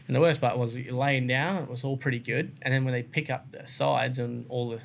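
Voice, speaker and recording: A man's voice: mid-range voice, fairly even intonation, a little fast, gravelly. An Australian man, a racer guest, telling his story in casual interview chat with lots of fillers and restarts. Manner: rambling, many fillers and restarts.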